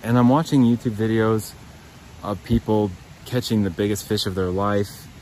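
A man hosting his own podcast talks to himself outdoors by a creek, rambling from thought to thought. His voice sits a little low. He swears freely and pokes fun at himself, with faint outdoor noise around him. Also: steady tone, moderate pace, warm tone, low-quality recording. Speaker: podcast host.

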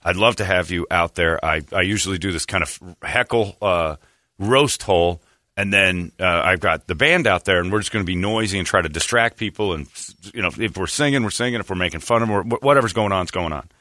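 A man's voice: low voice, quick pace, dry recording, clean studio sound. A man hosting a radio show, telling a story in casual chat and acting out the people he quotes. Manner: animated storyteller, acts out quoted voices.

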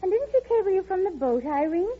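A chatty, gossipy actress wife. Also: female voice, very high voice, very animated, quick pace. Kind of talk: 1930s radio acting. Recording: dull old radio recording.

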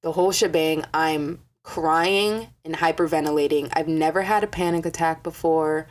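A young woman telling a story in a casual vlog, swearing a lot and acting out quotes with animated energy. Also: low-pitched, normal speed. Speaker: vlogger.

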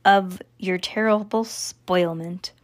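A woman's voice: lowish voice, fairly even intonation, takes it slowly. A woman voicing a bold, bossy young schoolgirl with an emphatic delivery. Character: bold young girl, a second grader.

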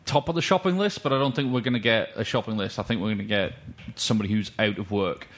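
A man joining a football podcast as a guest, talking casually and quickly, with firm opinions and the odd swear word. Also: fairly low pitch, a bit bright.

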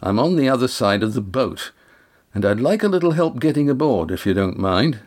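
A man voicing a wryly calm young man. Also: lowish voice, measured pace, creaky. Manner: calm, polite, wry.

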